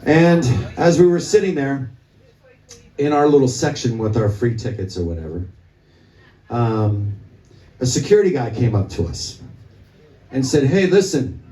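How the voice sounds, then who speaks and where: A man's voice: medium pitch, expressive, measured pace, long pauses, warm tone. A man who plays music, telling a long, rambling, swear-filled anecdote to a crowd from the stage of a small club. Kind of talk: onstage storytelling at a live gig. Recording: echoey club, from a distance.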